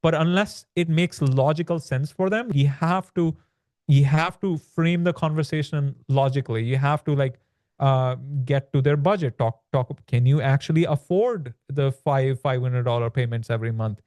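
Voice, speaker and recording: A man's voice: medium pitch, moderate pace, darkish tone, no echo, studio quality. A man, a guest entrepreneur, explaining his sales principles in a casual interview, talking loosely with fillers and restarts. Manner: conversational, many fillers and restarts.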